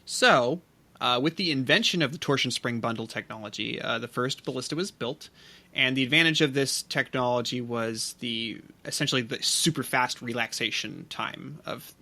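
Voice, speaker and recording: Bright-voiced man rambling through facts. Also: mid-range voice, normal speed, gravelly. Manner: rambling explainer with many fillers. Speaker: podcast co-host. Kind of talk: casual podcast chat.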